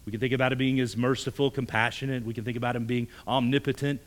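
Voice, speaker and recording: A male pastor preaching a sermon, emphatic, often repeating words, moving between strong raised passages and hushed near-whispered lines. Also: mid-range voice, level tone, fast talker. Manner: emphatic, rising to forceful peaks then dropping to hushed near-whispers; repeats words when stressing a point.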